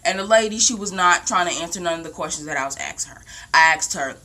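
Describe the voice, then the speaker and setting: A young woman casually telling a long story at home, rambling and animated, with lots of "like". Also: on the low side, fast talker. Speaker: vlogger. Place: home, indoors.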